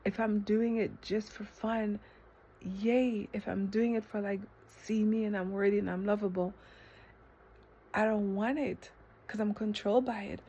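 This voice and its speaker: A woman vlogging a reflective self-talk monologue, rambling with lots of fillers and breaking into sudden high exclamations. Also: steady tone, a little slow, warm tone, husky. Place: eating ice cream while filming herself.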